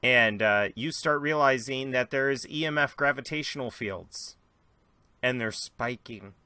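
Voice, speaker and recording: A man narrating as game master of a tabletop role-playing game, animated with quick asides. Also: mid-range voice, no room sound.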